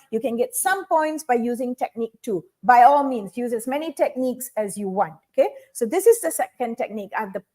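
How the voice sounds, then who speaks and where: A woman's voice: sits high, a little mellow. A woman teaching speech skills in an online webinar, explaining step by step and often saying "okay". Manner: instructive, repeats key points, frequent "okay".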